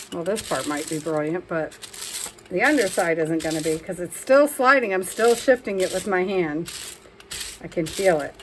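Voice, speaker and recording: A woman's voice: lowish voice, normal speed, slight background noise, rough recording. A woman talking casually through a crafting session as a vlogger, chatting and scolding herself as she works.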